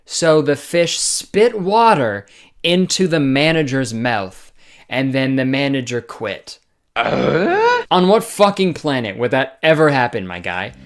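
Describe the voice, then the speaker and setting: A man's voice: medium pitch, animated, measured pace. Sarcastic young man riffing on camera. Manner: sarcastic, swears, laughs often. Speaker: comedy video host. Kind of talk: casual comedic commentary.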